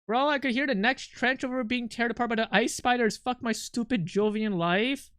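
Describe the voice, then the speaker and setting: A man's voice: extremely high pitch, normal speed, fairly bright tone, clean tone, no room sound. A male streamer who is not a native English speaker, chatting playfully with viewers, teasing and swearing freely into a close mic. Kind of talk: casual live-stream chat.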